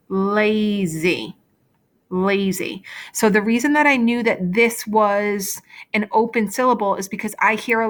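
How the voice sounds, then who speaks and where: Woman, teacher, remote phonics lesson at a desk mic; patient and step-by-step, mid-pitched. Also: fairly bright tone. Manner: patient, explains step by step, often checks with "okay?". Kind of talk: remote phonics lesson over shared slides.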